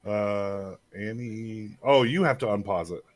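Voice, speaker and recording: A man's voice: on the low side, slow pace. A man co-casting an esports match, giving play-by-play commentary in a joking, easygoing way. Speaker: esports co-caster. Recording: steady background noise.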